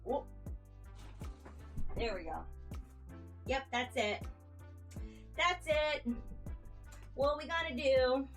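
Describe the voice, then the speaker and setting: A woman's voice: lively intonation, extremely slow, pauses often, fairly bright tone, soft background music. A woman streamer chatting casually from her home setup, cooing at her cats and chatting cheerfully with viewers. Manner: coos at her cats in a high playful voice. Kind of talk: casual livestream chat.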